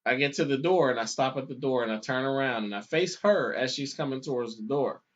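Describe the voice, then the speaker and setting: A man in his thirties casually telling a long story on a podcast, animated, with many restarts and acted-out quotes. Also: mid-range voice, a little fast. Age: 30s. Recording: dull lo-fi podcast audio.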